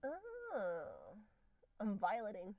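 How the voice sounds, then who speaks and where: A woman's voice: medium pitch, huge pitch swings, extremely slow, no echo, muffled recording. A young woman co-hosting a podcast, gushing about books with stammers and giggles. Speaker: podcast co-host. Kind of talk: casual book chat.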